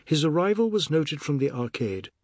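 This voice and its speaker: Brief: male narrator, breathy texture, dead-dry booth, steady literary read. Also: a little high, no room sound. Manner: measured, even storytelling. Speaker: audiobook narrator.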